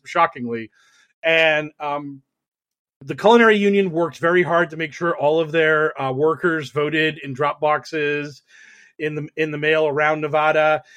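A man co-hosting a casual political chat, sarcastic and animated, mocking others in put-on voices. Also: on the high side. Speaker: podcast co-host.

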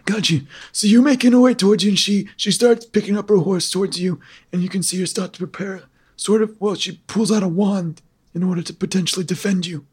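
A man runs a tabletop game as its game master, cracking self-mocking jokes between rulings. His voice sits high for a man and has a husky, slightly breathy grain. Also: a little fast, darkish tone.

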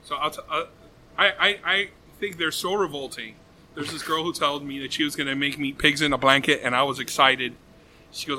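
Bright, fast-talking man telling stories. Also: a little high, a little hiss or hum. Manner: animated storyteller, laughs often. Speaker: guest. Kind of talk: casual podcast chat.

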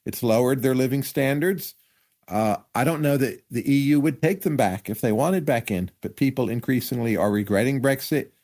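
A man answering interview questions as an economist guest, measured and analytical, offering careful hypotheses. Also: mid-range voice, darkish tone.

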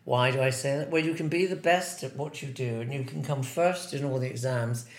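Older man, seventies, ex-dancer guest; rambling, wry, chatty; mid pitch, echoey room. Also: a little fast. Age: 70s. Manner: rambling, chatty, wry self-mocking humour. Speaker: interview guest, former ballet dancer. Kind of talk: casual interview chat. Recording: roomy echo.

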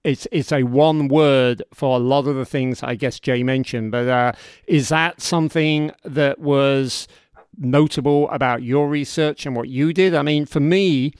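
A man's voice: medium pitch, steady tone, measured pace, smooth, no echo, clean studio sound. A man from Britain hosting a podcast, chatty and enthusiastic, asking questions in loose run-on sentences. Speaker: podcast host. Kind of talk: podcast interview.

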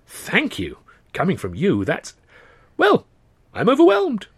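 A man voicing an excitable, theatrical gentleman who gushes in sudden high exclamations, in a storybook reading. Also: moderate pace, slightly rough, exaggerated voice. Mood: overwhelmed.

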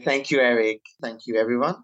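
Italian-accented man, measured guest. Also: medium pitch, fairly even intonation, dull audio. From Italy. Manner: measured, drawn-out phrasing with hesitant fillers. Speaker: guest writer and activist. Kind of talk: podcast interview.

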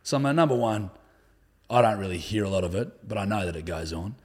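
A man's voice: fairly low pitch, expressive, fairly quick. An Australian man in a casual podcast chat who talks bluntly and swears freely. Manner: blunt, sweary, laid-back. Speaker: podcast co-host, guest.

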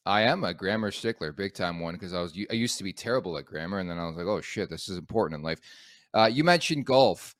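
A man hosts a sports show and teases his guest in a playful, chatty way. His voice sits a little low. The recording is dry and close to the mic. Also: lively intonation, fast talker, fairly bright tone, no room sound. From Canada. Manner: playful, teasing interviewer. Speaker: sports podcast host. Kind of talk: casual chat.

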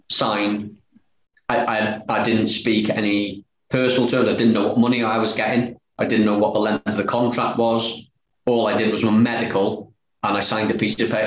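Chatty man with a low voice. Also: muffled recording. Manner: chatty, retells dialogue with "he said, I said". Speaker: guest, former footballer. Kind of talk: storytelling anecdote in conversation. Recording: roomy echo, faint noise.

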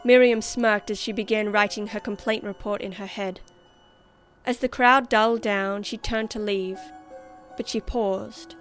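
A woman reading a story aloud as narrator in a measured, expressive way. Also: mid-range voice, soft background music. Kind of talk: scripted narration.

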